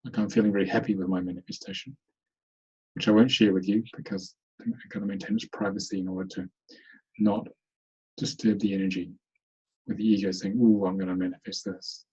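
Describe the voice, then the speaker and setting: A man leading a guided meditation in an online webinar, giving slow, soothing instructions. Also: fairly low pitch, fairly even intonation, darkish tone, husky, highs cut off. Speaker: meditation teacher.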